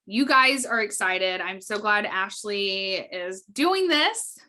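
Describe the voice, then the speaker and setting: A woman's voice: medium pitch, expressive, takes it slowly, bright, forceful tone. A woman hosting a casual chat, gushing and upbeat, often laughing. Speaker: host.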